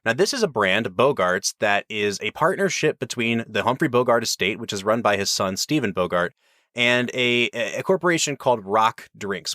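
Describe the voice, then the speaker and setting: A man's voice: medium pitch, a bit bright, dry recording. Chatty podcast host man, dry close sound. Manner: explains at length, enthusiastic. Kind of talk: casual podcast chat.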